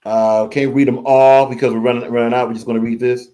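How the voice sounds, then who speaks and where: Animated man hosting a live stream. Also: mid-range voice, fast talker. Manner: animated, repeats phrases, reads chat comments aloud. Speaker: livestream host reading chat. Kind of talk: casual live reaction stream.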